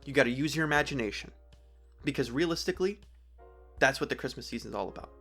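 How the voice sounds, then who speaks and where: A man's voice: mid-range voice, fast, vocal fry, bright, forceful tone, soft background music. A young man hosting a podcast, chatting loosely about movies, rambling and acting out quotes in silly voices. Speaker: podcast host. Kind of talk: casual solo podcast talk about movies.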